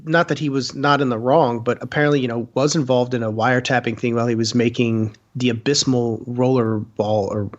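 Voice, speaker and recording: Animated rambling man, muffled sound. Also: mid-range voice, a little fast, hardly any pauses. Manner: animated, rambling with fillers and restarts. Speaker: guest film commentator. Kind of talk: casual podcast commentary.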